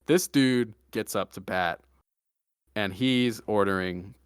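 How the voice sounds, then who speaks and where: A man's voice: lowish voice, slow, clear, resonant tone, no room sound. Dry-voiced young man telling a story. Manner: deadpan jokey storytelling with mock-serious asides. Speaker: podcast host. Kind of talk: casual storytelling chat.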